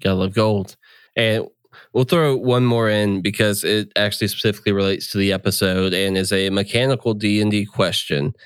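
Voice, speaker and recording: A man's voice: on the low side, steady tone, fairly quick, smooth, dry recording. A man hosting a casual podcast chat, reading listener questions and laughing often. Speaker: podcast host and game master.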